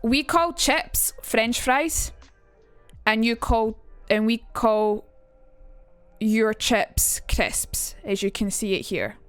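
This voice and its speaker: A woman's voice: on the high side, takes it slowly, fairly bright tone, clear, resonant tone, no room sound, faint music behind. A young Scottish woman chatting on a livestream and teaching accents in a rambling, jokey way. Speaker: streamer.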